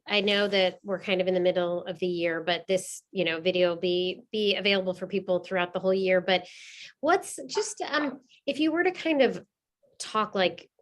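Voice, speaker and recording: Friendly halting woman interviewer. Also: mid-range voice. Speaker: interview host. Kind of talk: casual interview questions.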